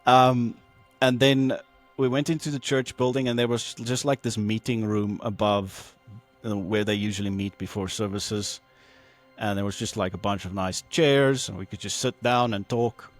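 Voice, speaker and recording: A man guest on a podcast telling a personal testimony in an animated way, acting out the voices he quotes, with many fillers and restarts. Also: lowish voice, moderate pace, soft background music.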